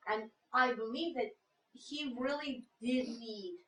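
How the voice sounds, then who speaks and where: A woman taking part in a workshop discussion, speaking haltingly and searching for words as she asks questions. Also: fairly high pitch, sharp tone. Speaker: workshop participant. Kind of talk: group discussion. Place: training room. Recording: roomy echo.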